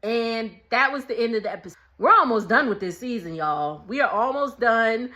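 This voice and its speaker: Bright-voiced chatty young woman. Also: on the high side, moderate pace, dull audio. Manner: chatty, animated, often mimics the cast. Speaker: reality TV recap host. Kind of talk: casual recap monologue.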